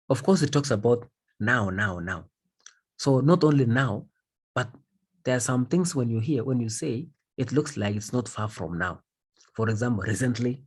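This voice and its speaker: A male English teacher explains grammar in a husky, breathy voice. He repeats key phrases for emphasis and keeps asking whether his students are following. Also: mid-range voice. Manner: repetitive, emphatic, checks understanding. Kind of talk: grammar lesson.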